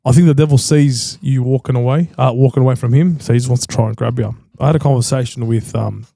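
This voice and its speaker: Gravelly, dark-voiced Australian male host. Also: medium pitch, steady tone, fast, dry recording. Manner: emphatic, slangy, repeats himself for stress. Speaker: podcast host. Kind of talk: casual chat.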